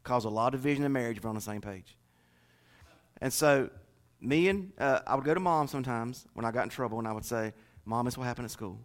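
A man's voice: medium pitch, fast talker. A middle-aged man preaching a sermon in a folksy, joking way, speaking straight to the congregation. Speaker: pastor.

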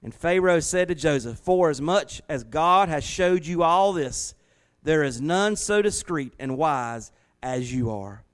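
Animated high-voiced male preacher. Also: a little slow, clear, resonant tone. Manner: animated preaching, swings between quiet and loud, breaks into shouts. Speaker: pastor. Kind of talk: sermon.

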